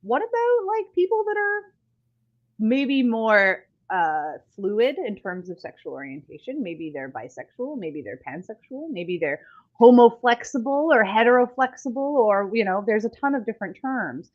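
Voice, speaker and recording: A woman co-hosting a podcast, chatting candidly with quick reactions and easy laughter. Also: a little high, sing-song, dull audio. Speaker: podcast co-host. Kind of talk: casual chat.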